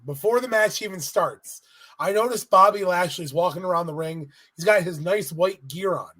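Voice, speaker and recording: A man co-hosting a podcast, telling a story in an animated way and swearing freely. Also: high-pitched, husky. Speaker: podcast co-host. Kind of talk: casual chat recapping a wrestling event.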